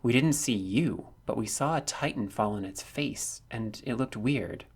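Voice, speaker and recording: A stern young woman soldier gives short, blunt answers in a level, husky voice, read by a male narrator. She spends no words on comfort in this storybook reading. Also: medium pitch, a little slow. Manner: terse, blunt.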